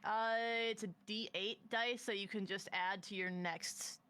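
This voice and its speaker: A woman's voice: medium pitch, steady tone, unhurried, bright, forceful tone, clear, resonant tone. A woman player at a tabletop game, chatty and second-guessing rules as she goes. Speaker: player, bard.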